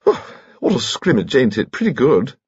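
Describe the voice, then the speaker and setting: A man voicing a small, round, elderly aristocratic gentleman with an extraordinarily high-pitched voice and old-fashioned colloquial talk. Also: big pitch swings, normal speed, breathy edge, no echo, lo-fi sound. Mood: cheerful.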